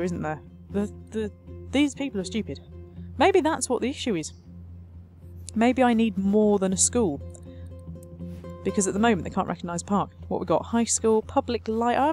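A woman's voice: medium pitch, darkish tone. Woman, let's play commentary, sarcastic, chatty, faint background music. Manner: chatty, sarcastic, talks back to the game. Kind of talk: casual gameplay commentary.

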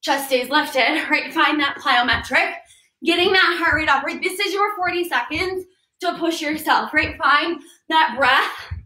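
A woman's voice: sits high, a little slow, bright, forceful tone. A young woman leading a bodyweight workout class, coaching moves and counting down reps in an upbeat, encouraging way. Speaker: fitness trainer. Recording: echoey room, voice a bit distant.

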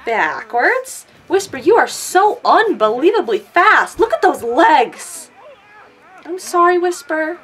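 A woman's voice: sits high, big pitch swings, takes it slowly, a bit bright. A woman giving chatty let's play commentary, talking to the characters on screen. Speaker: gamer.

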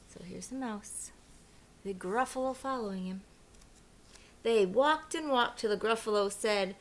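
A woman teacher reading a children's picture book aloud slowly and expressively, pausing to ask her young listeners questions. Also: mid-range voice, slight background noise. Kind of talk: children's storybook read-aloud.

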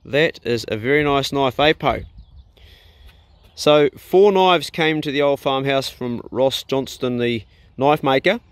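A man's voice: medium pitch, a little slow, clear, resonant tone, no echo. A man with a New Zealand accent narrating a casual outdoor vlog on a farm, swearing freely and chatting to the animals. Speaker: vlogger and hunter.

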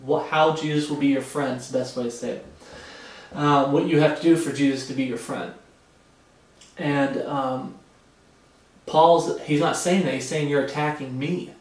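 A man leads a Bible study sermon, reading scripture aloud and then explaining it in everyday words. His voice sits a bit high for a man. He is recorded from a distance in a very echoey room. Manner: reads scripture aloud and explains it in plain casual talk. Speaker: preacher. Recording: echoey room, mic far off.

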